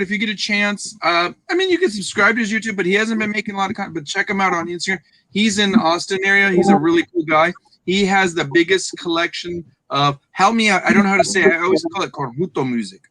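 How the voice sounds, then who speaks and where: A man co-hosting a casual livestream chat, who talks excitedly and hypes up the viewers in the chat. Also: high voice, fast, no room sound. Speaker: podcast co-host.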